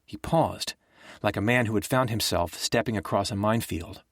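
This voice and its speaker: Male audiobook narrator, low pitch, dry close sound, measured delivery. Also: no echo. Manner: even, measured storytelling.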